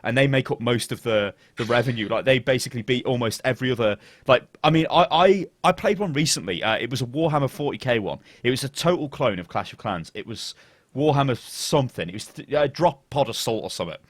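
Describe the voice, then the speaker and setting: A British man chatting on a gaming podcast with a very lively, up-and-down delivery. He rambles, swears freely and restarts his sentences. His voice is dry and close. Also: medium pitch, fast, no room sound. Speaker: podcast host. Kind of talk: casual gaming podcast chat.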